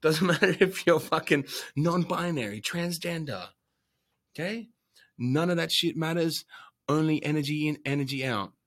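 Husky, foul-mouthed male fitness coach; blunt, brash, swings from loud rant to mutter. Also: a little high, normal speed. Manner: profane, brash, animated, rants then drops to whispers. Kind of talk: blunt casual monologue.

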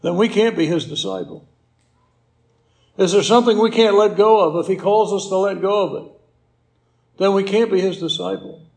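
A man's voice: sits high, moderate pace, vocal fry, long pauses, a little mellow, roomy sound. A man preaching a sermon as pastor, building emphasis with repeated rhetorical questions.

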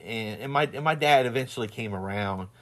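A man's voice: mid-range voice, brisk. A man with a Southern twang in casual chat, rambling with many restarts and laughing often as he tells stories. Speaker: husband and father.

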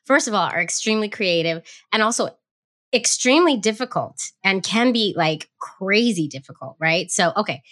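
A woman's voice: medium pitch, expressive, normal speed, a bit bright, no room sound. A woman hosting a podcast, bubbly and effusive, talking close to the mic. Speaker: podcast host. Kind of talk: enthusiastic podcast interview.

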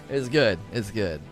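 A man's voice: mid-range voice, vocal fry, fairly bright tone. A male streamer chatting casually with his viewers, with an ordinary mid-range voice. He rambles, laughs often and loops back on his words, and faint music plays underneath. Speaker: livestream host reading viewer chat. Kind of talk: casual livestream chat.

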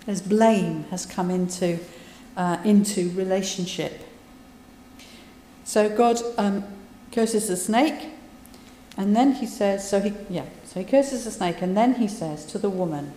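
A woman's voice: mid-range voice, a little slow, mellow, a little hiss or hum. A woman giving a conversational sermon, retelling scripture with asides. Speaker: preacher. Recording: echoey hall, voice from a distance.

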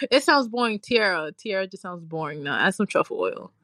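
A woman's voice: mid-range voice, big pitch swings, moderate pace, a bit bright, no echo, studio quality. A woman co-hosting a podcast, chatting casually and animatedly, often putting on playful voices when she tells a story. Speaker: podcast co-host. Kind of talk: casual chat.

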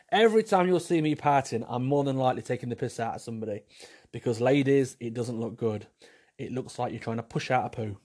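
A man's voice: medium pitch, darkish tone. Cheeky blunt man ranting. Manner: cheeky, blunt, jokey, laughs often. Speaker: vlogger. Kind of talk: casual opinionated monologue.

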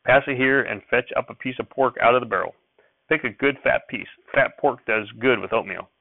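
A man voicing a fussy, excitable old rural grandfather who talks in a folksy backwoods dialect and breaks into sharp scolding. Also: medium pitch, fairly quick, gravelly, dry recording. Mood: chatty. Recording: dry, thin phone-like sound.

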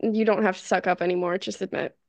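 A woman's voice: medium pitch, steady tone, fast talker, vocal fry, no room sound. A woman co-hosting a podcast, recounting a true-crime case in casual chat, often tripping over foreign names and laughing it off. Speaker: podcast co-host.

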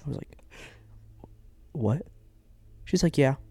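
A man's voice: mid-range voice, fairly quick, dry recording. A young adult man, co-host of a podcast, telling a story in casual chat and acting out the voices of the people in it. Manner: animated storyteller who acts out quoted voices.

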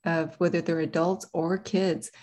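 A woman's voice: fairly low pitch, flat delivery, measured pace, a little mellow. A middle-aged woman, a guest coach, talking earnestly and emphatically about a book and reading passages from it aloud with feeling. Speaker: guest, project director and coach. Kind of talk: casual talk with read passages.

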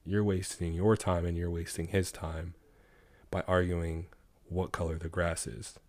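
A man doing a calm, deep-voiced lion. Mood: measured. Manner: slow, measured, matter-of-fact. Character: calm wise male lion, king of beasts.

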